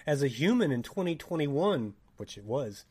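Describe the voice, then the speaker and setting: A young man with a Tennessee accent, telling a story in casual podcast chat, animated and laughing, swearing and acting out quoted dialogue. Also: fairly high pitch, normal speed, husky. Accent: Southern US, Tennessee. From Tennessee, USA. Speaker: podcast co-host.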